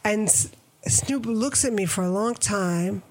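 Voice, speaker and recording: This photographer guest, a middle-aged New Yorker, speaks a little slowly at a medium pitch. Her casual interview stories are animated, with the dialogue acted out in different voices.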